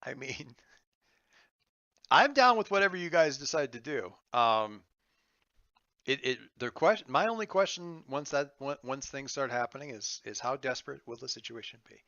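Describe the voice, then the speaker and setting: Rambling game master, bright dry voice. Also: male voice, medium pitch, very animated, moderate pace, no echo, highs cut off. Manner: rambling, playful, thinks aloud with many fillers. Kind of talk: running a tabletop game over an online call.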